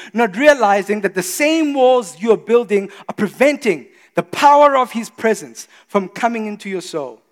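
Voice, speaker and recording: High-voiced preacher. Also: male voice, in a large hall. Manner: impassioned, swings between loud emphasis and hushed intensity. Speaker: pastor. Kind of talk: sermon. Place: church service.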